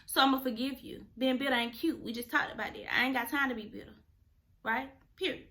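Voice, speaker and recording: Podcast host: emphatic woman, high bright voice, preachy direct advice. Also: steady tone, brisk. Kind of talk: casual advice talk.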